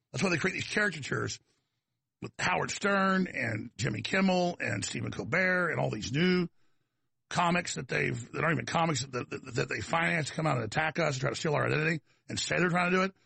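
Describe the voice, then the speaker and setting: Man, Texas accent, talk show host, very gravelly, husky, digressive monologue. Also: a little high, sharp tone, no room sound. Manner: digressive, combative, folksy. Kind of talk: rambling radio monologue.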